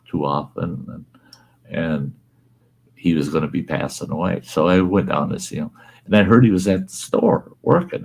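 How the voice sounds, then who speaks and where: Host, male, middle-aged, very deep voice, animated storyteller. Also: gravelly, breathy edge. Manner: animated storyteller, laughs through lines, quotes others in a raised voice. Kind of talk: casual storytelling chat.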